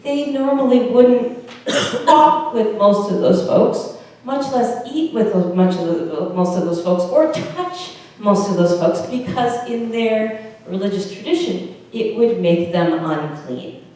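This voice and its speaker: A woman's voice: mid-range voice, lively intonation, takes it slowly, dark tone. A woman pastor from the United States preaching a sermon in a conversational way, with questions to the congregation. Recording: echoey church heard from a distance.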